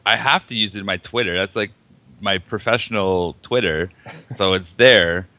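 A man's voice: on the low side, moderate pace, bright, forceful tone, dry recording. A man co-hosting a podcast, bantering in an easygoing, joking way. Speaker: podcast co-host. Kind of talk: casual podcast chat.

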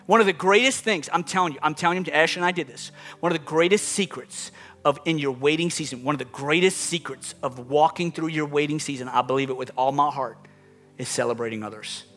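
A man's voice: a little high, fairly quick, a bit bright, soft background music. A man preaching a sermon as pastor, emphatic, his voice rising and dropping with the point he makes. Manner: emphatic, rising and falling dynamically.

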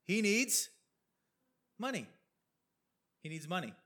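A man's voice: sits high, sing-song, takes it slowly, sharp tone. A man preaching a sermon, explaining a Bible passage over slides in a conversational way, with questions and asides.

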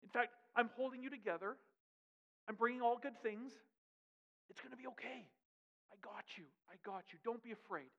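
A man voicing a gentle male savior, speaking softly and low with calm repeated reassurances. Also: fairly quick. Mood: tender. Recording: dull audio in a long-echo hall.

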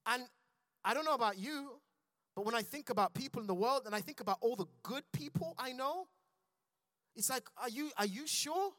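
A man's voice: very high-pitched, expressive, moderate pace, bright, forceful tone, no echo. Impassioned male preacher, dry close sound. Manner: preaching with rising intensity, calls to the congregation. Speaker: pastor. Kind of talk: sermon. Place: church.

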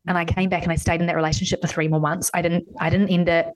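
A woman's voice: fairly low pitch, little pitch movement, racing. A woman hosting a podcast, chatting candidly and swearing freely as she tells personal stories. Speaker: podcast host. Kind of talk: casual podcast chat.

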